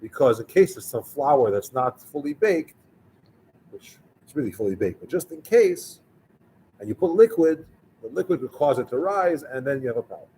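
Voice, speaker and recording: A man's voice: medium pitch, expressive, normal speed, mellow, a little hiss or hum, rough recording. A man speaking as a rabbi, telling a story in a conversational sermon and acting out the dialogue of its characters. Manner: conversational, acts out the dialogue of the people in his story.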